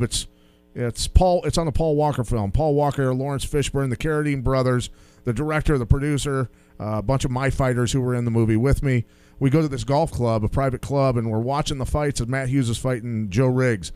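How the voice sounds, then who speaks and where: A man co-hosting, telling animated stories and acting out what people said. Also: mid-range voice, fairly quick, smooth, no room sound. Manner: animated storyteller, acts out quotes. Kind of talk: casual storytelling.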